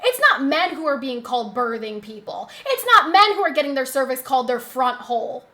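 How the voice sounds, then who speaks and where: A woman's voice: sits high, big pitch swings, brisk, bright, forceful tone. A young adult woman streamer in casual live-stream chat, ranting heatedly and swearing a lot.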